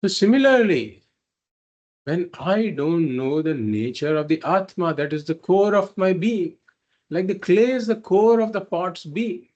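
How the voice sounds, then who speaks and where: A man's voice: high voice, animated, a little slow, a little mellow, dull audio. A man teaching a spiritual philosophy class, explaining patiently and repeating points through simple examples. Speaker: Vedanta teacher.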